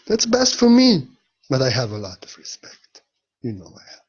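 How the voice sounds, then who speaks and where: A man giving a spiritual monologue with a husky voice, speaking emphatically and swinging between soft and loud. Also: medium pitch, sing-song, measured pace, long pauses, highs cut off. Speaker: spiritual teacher.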